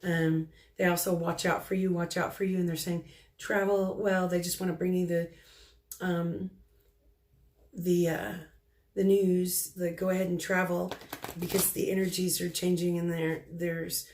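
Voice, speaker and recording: A middle-aged psychic medium passes along messages from spirits, speaking softly and haltingly with frequent pauses and false starts. Her voice is lowish and her delivery flat.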